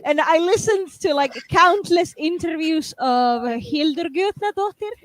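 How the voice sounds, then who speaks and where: A woman co-hosting a casual group chat, telling stories with animation. Her voice sits high for a woman. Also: unhurried, no room sound. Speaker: co-host.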